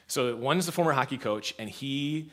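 A man's voice: medium pitch, normal speed. A man in his thirties, a pastor preaching a sermon in a church, telling stories and laughing along. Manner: storytelling, laughs often, lively shifts in loudness.

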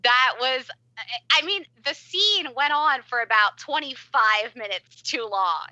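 Bright, sarcastic woman, dry close sound. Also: high voice, animated, a little slow, no room sound, dull audio. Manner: sarcastic, giggly. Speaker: podcast co-host. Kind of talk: casual movie review chat.

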